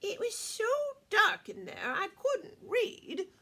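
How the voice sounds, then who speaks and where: Woman doing a shrill fussy old granny. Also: wildly swooping pitch, slow, gravelly, bright, forceful tone, heavily acted. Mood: quavering. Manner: shrill, quavering. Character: fussy bookish old grandmother. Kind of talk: storybook reading aloud.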